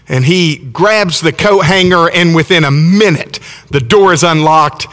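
Speaking a little slowly in a slightly high, fairly bright voice, a visiting preacher in his middle years from Alabama delivers a storytelling sermon with a Southern American accent. His manner is folksy and enthusiastic, he frequently restarts words, and the church sanctuary adds long reverb.

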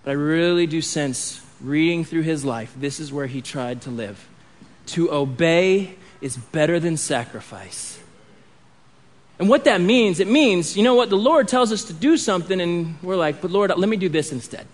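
A man's voice: on the high side, expressive, measured pace. A man in his thirties preaching a sermon in a conversational way, with restarts and asides. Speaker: pastor.

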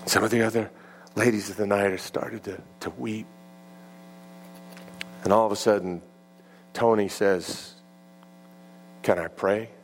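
A male preacher telling a story in a sermon, with halting starts and repeated words, often dropping low and quiet. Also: steady tone, slight background noise.

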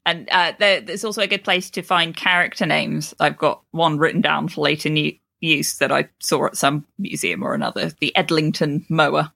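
A woman co-hosting a podcast in a low, gravelly voice with a bright, sharp edge. She chats casually, laughs often and swears freely. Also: lively intonation, moderate pace, hardly any pauses. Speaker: podcast co-host. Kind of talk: casual chat.

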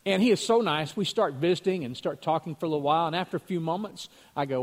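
A man's voice: on the high side, quick pace. A man, the pastor, giving a conversational sermon, telling stories with chuckles and repeating words as he goes.

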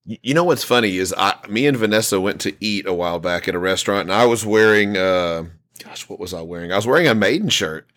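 A man's voice: fairly low pitch, animated, fast, hardly any pauses, a bit bright. A man hosting a podcast, telling stories in a loose, rambling way full of restarts and fillers. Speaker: podcast host. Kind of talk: casual chat.

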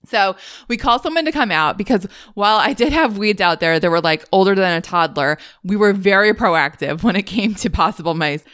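A young adult woman hosts her own podcast and tells stories in a loose, chatty way, laughing often. Her voice sits in a middle register and jumps much higher when she retells a scare. It is recorded close and dry, with no room sound. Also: fairly quick, dry recording. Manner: animated, laughs often, rises high when retelling panic. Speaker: podcast host. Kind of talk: casual storytelling monologue.

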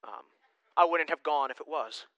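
A young man delivers a sermon with a bright, forceful voice that stays smooth and clear. He talks in an animated, joking, conversational way, and the sound is dry and close. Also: on the high side, moderate pace, dry recording, dull audio. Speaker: pastor.

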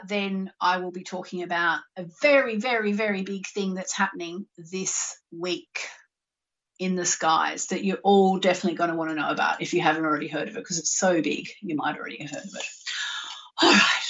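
An Australian woman hosts a casual live stream, talking in a rambling, chatty way full of fillers. Her voice sits at an ordinary middle pitch. The recording is dull and muffled. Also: fairly bright tone. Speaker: spiritual live-show host.

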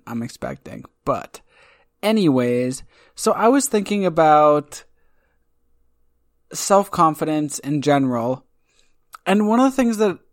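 A man's voice: on the high side, dry recording, studio quality. A man co-hosting a podcast, teasing his co-host playfully in casual chat.

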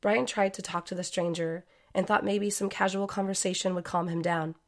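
A woman narrating a true-crime story in a measured, scripted way. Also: lowish voice, fairly even intonation.

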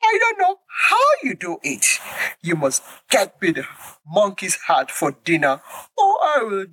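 A woman voicing a demanding female alligator wife in a children's storybook, high, shrill and pleading. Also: huge pitch swings, a little slow, a bit bright, slightly rough, no room sound, full character voice.

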